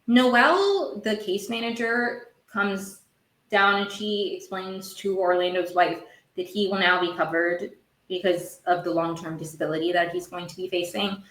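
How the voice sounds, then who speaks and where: Speaking in a mid-range, fairly bright voice, a woman recaps a TV episode for her podcast, drifting casually, backtracking to correct herself, and getting heated easily. The sound is roomy and the recording rough.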